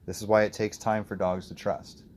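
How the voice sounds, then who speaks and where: A man working as a dog trainer, coaching an owner outdoors in an animated, explanatory way. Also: lowish voice, fairly quick, a little hiss or hum. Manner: explanatory, animated, acts out the dog's thoughts.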